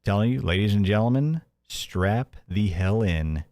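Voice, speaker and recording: A man hosting a live-stream commentary show, sarcastic and mocking, often laughing and jumping into a high mimicking voice. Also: expressive, unhurried, darkish tone, no echo, clean studio sound.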